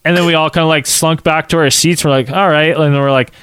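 A man telling a casual anecdote, acting out quotes in an animated way and saying "like" a lot. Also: fairly high pitch, fast, smooth, dry recording, clean studio sound.

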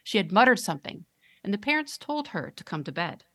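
A woman podcast host reading a listener's horror story aloud with dramatic, drawn-out storytelling on a close mic. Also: medium pitch, very animated, sharp tone, no room sound.

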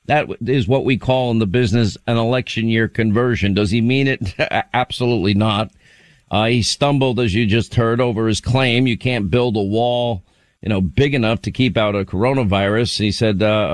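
A man's voice: fairly low pitch, moderate pace, dry recording. A man hosting a radio talk show, giving casual commentary and laughing mockingly as he talks.

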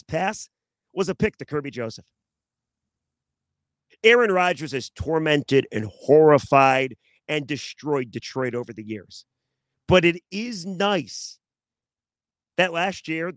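A man's voice: on the high side, a bit bright, no room sound. A man hosting a solo sports podcast, chatty and joking, repeating himself for emphasis.

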